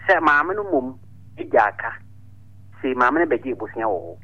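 Older male radio caller, bright voice, tinny phone line, steady explainer. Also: mid-range voice, moderate pace. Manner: explains at length in short steady phrases. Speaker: radio caller giving advice. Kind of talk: advice over the phone.

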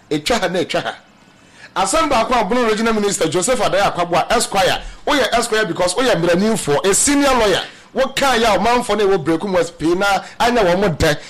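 Man, high-pitched voice, political commentary, emphatic, mixes in English phrases. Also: fairly bright tone. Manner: emphatic, mixing English phrases into his speech; addresses listeners as family. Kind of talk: radio-style political talk.

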